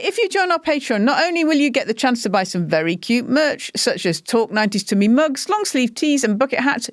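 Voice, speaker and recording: A cheerful woman hosting a podcast, with a voice a little higher than most and a lively, swooping pitch. She laughs often between questions. The sound is dry and close. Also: dry recording. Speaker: podcast host. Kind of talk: interview and podcast outro.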